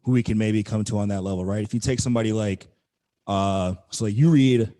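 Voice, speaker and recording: A man's voice: on the low side, brisk, dark tone. A man co-hosting a podcast, talking in a loose, rambling way and swearing freely. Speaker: podcast co-host. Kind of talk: casual chat.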